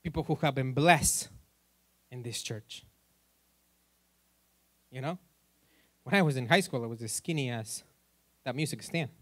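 A man's voice: mid-range voice, a little slow, pauses often, fairly bright tone, dry recording. A male pastor preaching in a church in a loose, joking way, asking the congregation questions as he goes. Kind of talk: sermon.

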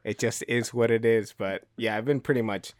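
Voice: mid-range voice, fairly even intonation, moderate pace, no room sound, studio quality. A podcast host chatting in a playful, teasing way. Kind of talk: casual podcast chat.

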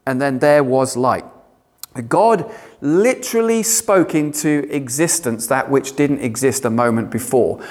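A man preaching a sermon, animated and given to sarcastic asides. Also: mid-range voice, measured pace.

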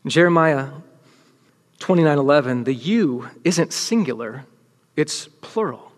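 A man with a notably high speaking voice preaches a sermon, his words ringing with a long hall reverb. He presses his points emphatically, then pulls down to hushed, near-whispered lines for weight. The sound is that of a large room with an audience. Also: animated, measured pace.

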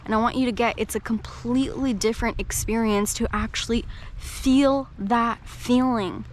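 A woman coach and podcast host giving a reflective talk in a gentle, slow, soothing way. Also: on the high side, steady tone, slight background noise.

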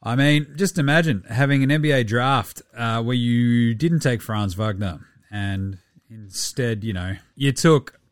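A man's voice: mid-range voice, unhurried, no echo, clean studio sound. An Australian man hosting a casual sports podcast, rambling, swearing freely and laughing at his own jokes. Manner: animated, profane, rambling. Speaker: podcast host.

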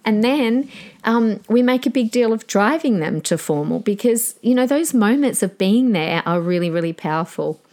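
A woman's voice: medium pitch, animated, normal speed, few pauses, darkish tone. A woman in her forties with an Australian accent, hosting a podcast in a chatty, earnest and rambling way. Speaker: podcast host. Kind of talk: casual solo podcast talk.

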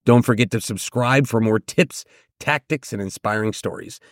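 A man's voice: mid-range voice, moderate pace, dry recording, clean studio sound. A man hosting a solo filmmaking podcast, giving advice in a conversational, emphatic way and often checking in with "right?".

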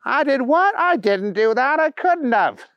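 A man voicing an excitable, hot-dog-loving adult man who wails in a high, whiny squeal. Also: measured pace, clean tone, no room sound, muffled recording, full character voice. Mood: flustered.

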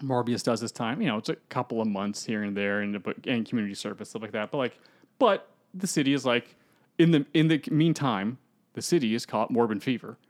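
A young man co-hosting a podcast, rambling through a story in excitable casual chat. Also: medium pitch, fairly quick. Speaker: podcast co-host.

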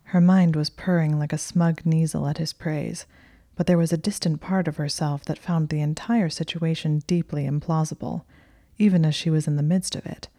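A woman narrates a story in a slow, hushed whisper. Her voice sits low and dark, staying flat and even throughout. The recording is close and dry. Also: no echo.

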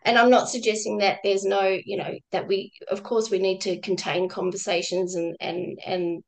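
A woman, a guest, telling a personal work story in a reflective, halting way with many restarts and some laughter. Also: mid-range voice, little pitch movement, gravelly, poor audio. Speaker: guest, former crisis-line volunteer.

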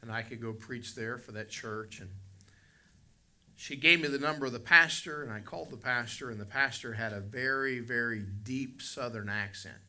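A pastor from West Virginia, preaching a sermon and telling a story, moving between soft reflective passages and loud emphatic ones. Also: male voice, mid-range voice, moderate pace.

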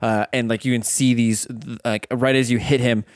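A man's voice: mid-range voice, flat delivery, normal speed, dry recording, studio quality. A man narrating as game master of a tabletop game, casual and hesitant, with frequent fillers.

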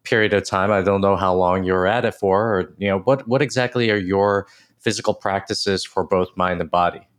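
A man hosting a casual podcast interview, thoughtful and halting, often restarting his sentences. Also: sits low, fairly even intonation, clean tone. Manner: reflective, hesitant with many restarts. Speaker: podcast host.

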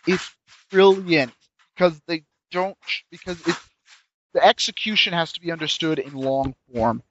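A man's voice: fairly high pitch, normal speed, a bit bright. A man chatting casually and enthusiastically about a game, rambling with frequent restarts, on dull lo-fi audio. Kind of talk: casual chat reviewing a game.

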